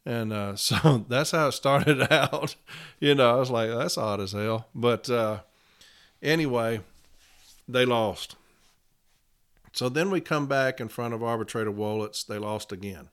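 A man speaking as a union representative in a casual podcast monologue. He tells his account plainly and repeats case numbers slowly. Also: mid-range voice, a bit bright, smooth.

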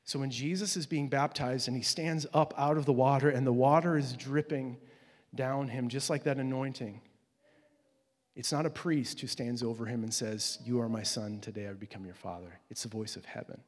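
A man's voice: mid-range voice, steady tone, normal speed. A male pastor giving a conversational sermon, swelling to emphatic peaks as he drives his points home. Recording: long hall reverb.

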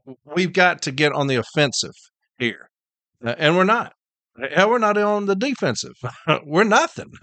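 A man's voice: fairly high pitch, a bit bright, dry recording. A middle-aged man, hosting a podcast and launching into an angry, profane, repetitive rant. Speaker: podcast host.

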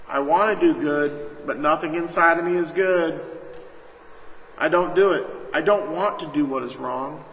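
A man's voice: a little high, a little slow, a bit bright. A man preaching a sermon as pastor, emphatic and calling out to his congregation. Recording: echoey hall, faint noise.

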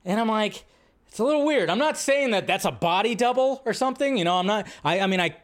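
A man's voice: high-pitched, animated, quick pace. A man hosting a live movie news stream, joking, reacting to chat and riffing casually.

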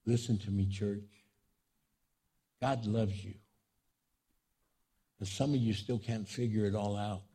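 A male pastor delivering a sermon to a grieving congregation, his voice mellow and a little husky. He repeats phrases for emphasis and builds into impassioned, soaring passages. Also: fairly even intonation, slow pace, pauses often. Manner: impassioned preaching, swelling up high in pitch and volume. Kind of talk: sermon at a remembrance service.

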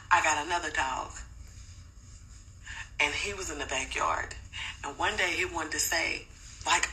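A mother telling a personal story in a casual, animated and blunt way, swearing freely. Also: low-pitched, slight background noise, rough recording.

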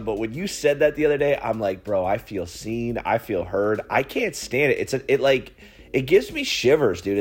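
A man's voice: mid-range voice, slightly rough. A man co-hosting a casual podcast, talking in a laid-back, slangy way. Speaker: podcast co-host.

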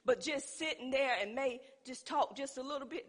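A woman's voice: high voice, moderate pace. A woman preaching a sermon, calling out to her congregation and building to fervent emphasis. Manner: call-and-response preaching, rising to fervent emphasis.

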